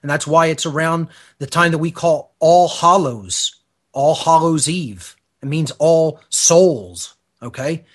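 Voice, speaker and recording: A man's voice: on the high side, takes it slowly. A man speaking as a radio show guest, giving a long explanatory lecture and often checking in with "okay?". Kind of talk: explanatory lecture-style talk.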